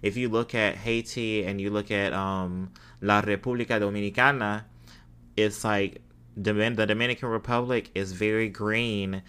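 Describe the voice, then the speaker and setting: A man's voice: lowish voice, steady tone, moderate pace, fairly bright tone, clean tone. A man giving a casual spoken history talk, hesitant, with frequent fillers and self-deprecating asides.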